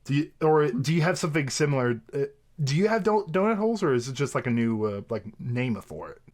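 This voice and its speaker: A man from the United States hosting a casual reaction video, talking in an animated way and laughing easily. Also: mid-range voice, brisk. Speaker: host.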